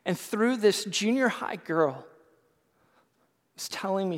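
A male pastor shares a personal testimony from the pulpit, speaking slowly and deliberately in a slightly raised voice. His earnest storytelling swells into loud, impassioned bursts. A long hall reverb trails every phrase. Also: sits high, expressive.

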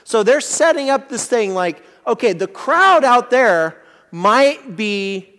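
Man, pastor, high voice, conversational sermon, lingering hall echo. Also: fairly bright tone. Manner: explanatory, conversational teaching with many restarts.

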